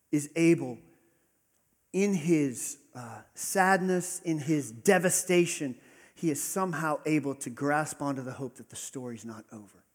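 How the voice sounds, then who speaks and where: Husky-voiced pastor preaching in a reverberant hall. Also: male voice, on the high side. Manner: earnest, building to emphatic peaks then dropping soft. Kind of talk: sermon. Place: church hall with congregation. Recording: long reverb of a large hall.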